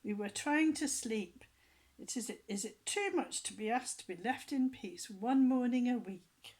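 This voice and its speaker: A woman reading the part of an exasperated mother shouting at her son, for a read-aloud story. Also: fairly high pitch, measured pace, pitched above the performer's own voice, close to an everyday voice. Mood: furious.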